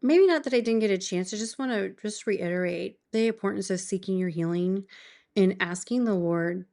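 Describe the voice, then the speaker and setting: A woman in her forties tells her faith story as a podcast guest. She talks earnestly and gets emotional, with sudden bursts of enthusiasm, and her voice sits at an ordinary middle pitch. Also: normal speed, mellow. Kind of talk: faith testimony in conversation.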